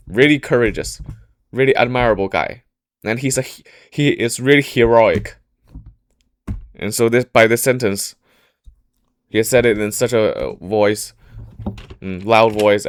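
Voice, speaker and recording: Halting man retelling history. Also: mid-range voice. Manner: halting, frequent restarts and self-corrections. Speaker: podcast storyteller. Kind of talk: casual history storytelling.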